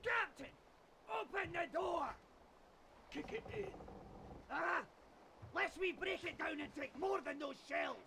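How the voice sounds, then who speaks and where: Yelling Scottish sailor, very high-pitched, gravelly, noisy game audio. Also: male voice, slow, long pauses, heavily acted. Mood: furious. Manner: shouting commands. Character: furious male sailor storming a locked door.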